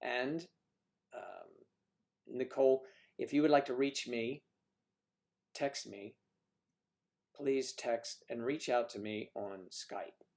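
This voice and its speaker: A man's voice: mid-range voice, slow, gravelly, pauses often, darkish tone. A man hosting a casual livestream, chatting and joking while answering viewer comments. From northern United States. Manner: chatty, jokey, reads viewer comments aloud. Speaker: livestream host.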